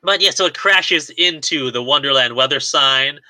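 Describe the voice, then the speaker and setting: A man with a very bright, forward voice recaps a movie in casual podcast chat. He wanders through the plot, leaning on "like" and small restarts. The sound is dry and close. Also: medium pitch, normal speed, dry recording, poor audio. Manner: rambling recap with fillers like "like". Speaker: podcast co-host.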